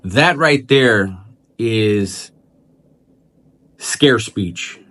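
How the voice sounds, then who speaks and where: Halting man hosting a vlog. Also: on the low side, lively intonation, a bit bright. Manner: halting, repeats words and restarts while thinking aloud. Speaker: channel host. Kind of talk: casual vlog commentary.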